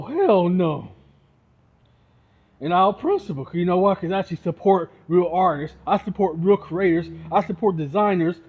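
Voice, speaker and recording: Angry man ranting, tinny phone sound. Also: high-pitched. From Toledo, Ohio. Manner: heated, repetitive, peppered with 'you know what I'm saying'. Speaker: independent musician. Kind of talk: angry rant to camera.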